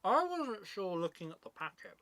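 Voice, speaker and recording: A man with a bright, sharp voice chats eagerly about a snack. His pitch swings widely as he talks, and he often hesitates mid-sentence. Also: very animated, moderate pace, slight background noise. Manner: enthusiastic, hesitant phrasing with many "like"s. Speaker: product reviewer, co-host. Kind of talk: casual review chat.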